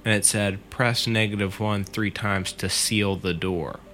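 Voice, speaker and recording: Deep-voiced man telling a scary story. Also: fairly even intonation, measured pace, fairly bright tone. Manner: retells a friend's scary story in first person, swears freely. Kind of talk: casual storytelling.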